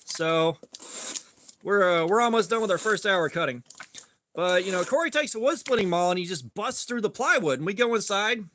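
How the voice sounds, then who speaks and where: A man's voice: sits high, animated, normal speed, sharp tone, a little hiss or hum. A man streaming live, telling a rambling story in a laid-back way and greeting chat as he goes. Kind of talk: casual storytelling while sharpening.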